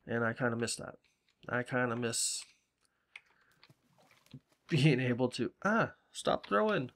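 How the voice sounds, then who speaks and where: A man's voice: mid-range voice, lively intonation, slow, a bit bright. A man from Salem, chatting casually and swearing freely while commenting on his game. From Salem, Massachusetts. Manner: rambling, profane, chatty. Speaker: gaming channel host.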